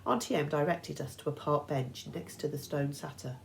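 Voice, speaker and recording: A woman teacher reading a novel aloud to her class with expressive storytelling. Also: low-pitched, moderate pace, creaky, few pauses, slight background noise, rough recording.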